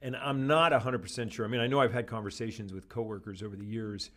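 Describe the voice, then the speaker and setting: A man with a fairly low voice speaks in a casual, reflective way. He is hosting the conversation and often chimes in with short affirmations. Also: fairly even intonation, quick pace, a bit bright. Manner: reflective, with frequent affirming interjections.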